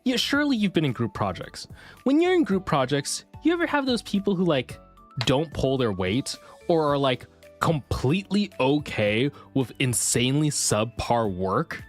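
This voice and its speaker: This streamer vents through a casual chat stream, with a voice that swings up and down a lot and stays animated throughout. Faint music plays underneath the talk. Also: medium pitch, moderate pace. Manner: animated ranting storyteller.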